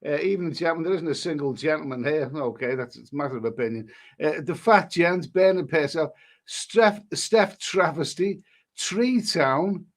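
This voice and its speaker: A man's voice: a little high, normal speed. A middle-aged man from England hosting a casual live stream, reading out viewer names and messages and chatting about them. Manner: rambling, chatty, reads out usernames and messages.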